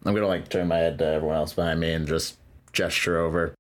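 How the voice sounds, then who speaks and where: A man's voice: low-pitched, level tone, quick pace. A man playing a tabletop game, joking and playful. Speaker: player. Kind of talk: casual tabletop play. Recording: faint music behind.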